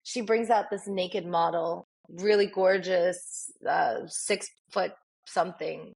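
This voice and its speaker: Gravelly, husky woman telling stories. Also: lowish voice, slow pace. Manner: animated, acts out quoted dialogue. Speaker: podcast guest, makeup artist. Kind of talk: casual interview storytelling.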